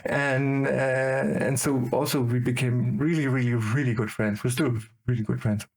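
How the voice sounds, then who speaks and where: A middle-aged man with a German accent, a guest in casual chat who rambles excitedly from tangent to tangent. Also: mid-range voice, moderate pace.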